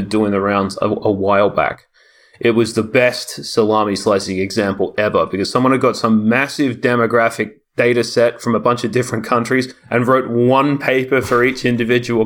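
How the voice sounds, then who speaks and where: A man's voice: mid-range voice, fairly even intonation, moderate pace. A man co-hosting a casual chat, rambling and sardonic, swearing freely.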